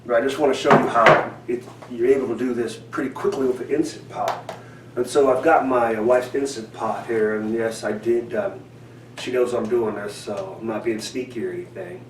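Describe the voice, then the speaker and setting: A man hosting a fishing how-to vlog from his home, rambling and halting with many ums and restarts. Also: mid-range voice, fairly even intonation. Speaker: fishing channel host. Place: home indoors. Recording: echoey room, mic at a distance, faint hiss.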